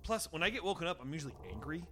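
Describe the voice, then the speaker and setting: A man with a fairly high, bright, forceful voice rattles off stories at a quick clip as the podcast host. He talks loosely and profanely and laughs through his own anecdotes in a casual banter style. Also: lively intonation, slight background noise.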